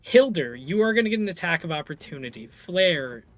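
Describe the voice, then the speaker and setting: A man's voice: on the high side, big pitch swings, fairly quick, fairly bright tone. A man narrating as game master of a live tabletop game, loose and full of fillers.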